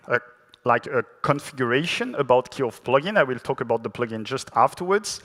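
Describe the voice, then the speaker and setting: A man's voice: medium pitch, lively intonation, a little fast, fairly bright tone. A man with a French accent giving a technical conference talk in a chatty, self-deprecating way, full of fillers and restarts. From France. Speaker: conference speaker. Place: large conference hall. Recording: long hall reverb.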